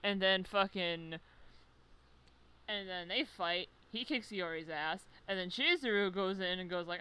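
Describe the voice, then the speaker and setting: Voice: medium pitch, unhurried, bright, forceful tone, smooth, low-quality recording. A young adult creator giving a rambling, profanity-heavy comic recap of a game series from memory, often losing the thread. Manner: profane, rambling, self-interrupting. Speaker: video creator.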